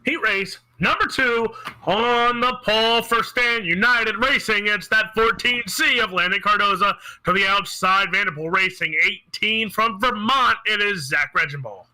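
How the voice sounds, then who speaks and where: Brief: male sim racing announcer, high and very bright voice, teasing banter. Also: a little slow, low-quality recording. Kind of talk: play-by-play commentary.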